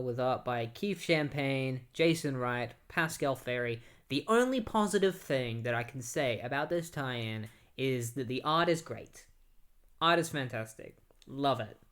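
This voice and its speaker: A man's voice: mid-range voice, animated, unhurried, fairly bright tone. A man casually reviewing comic books, talking loosely with lots of fillers and giving blunt opinions. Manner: loose and conversational, full of "like" and "um"; recaps the plot then gives blunt opinions.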